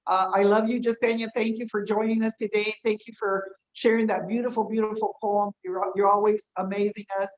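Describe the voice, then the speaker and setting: A woman's voice: mid-range voice, little pitch movement, fairly quick, few pauses. Filler-heavy woman host on a muffled call. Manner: loose, filler-heavy, affectionate. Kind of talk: casual group announcements. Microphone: video call. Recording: dull lo-fi video call audio.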